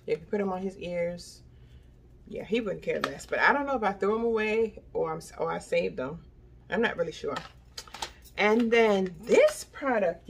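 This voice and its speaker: A woman's voice: medium pitch, gravelly, slight background noise. An older woman chatting casually through a product review, talking straight to her viewers and often repeating herself. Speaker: beauty product vlogger.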